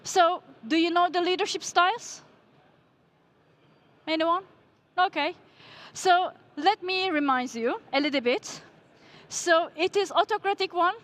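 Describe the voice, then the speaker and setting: A woman with a high voice presents at a conference, walking her audience through ideas point by point. She tosses out rhetorical questions and speaks in slightly non-native English. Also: fairly bright tone. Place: conference stage before an audience.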